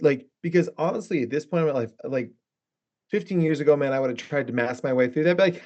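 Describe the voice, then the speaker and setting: A man's voice: on the high side, fast, a little mellow. Rambling man on a muffled line. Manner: rambling, lots of fillers and asides. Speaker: podcast guest, therapist. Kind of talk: casual podcast chat.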